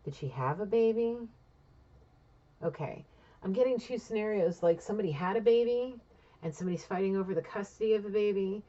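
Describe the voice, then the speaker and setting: A woman's voice: mid-range voice, fairly quick, dark tone. A woman giving a casual intuitive reading, asking spirit questions aloud and answering them, blunt and swearing freely. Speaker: intuitive reader. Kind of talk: casual solo psychic reading. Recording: dull lo-fi recording.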